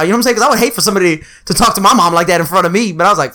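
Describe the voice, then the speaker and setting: Brief: male podcast host, quick and crude storyteller, bright forceful tone. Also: sits high, lively intonation. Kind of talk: casual storytelling chat.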